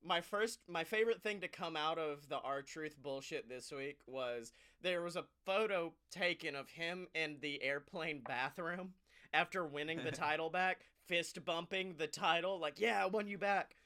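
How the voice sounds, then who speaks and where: A high-voiced man with a bright, forward tone chats about wrestling on a podcast. He tells stories in an animated way, swears freely and laughs often as he talks. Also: a little slow, smooth. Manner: animated, profane, laughing storyteller. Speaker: podcast co-host. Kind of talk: casual wrestling chat.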